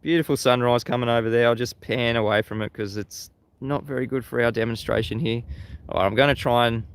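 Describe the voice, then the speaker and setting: An Australian man talks through a casual live broadcast in an easy, conversational voice at a mid pitch. He laughs often and doubles back on his words as he goes. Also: steady tone, brisk, clean tone. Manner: chatty, laughs often, repeats words as he restarts. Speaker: livestream host. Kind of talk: casual live-stream talk, reading chat. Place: outdoors facing the sea at sunrise.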